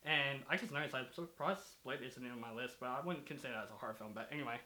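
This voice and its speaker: A man's voice: mid-range voice, quick pace, pushed and bright. A man hosting a casual movie review chat, talking in a rambling, enthusiastic way with many fillers. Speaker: host of a movie review channel.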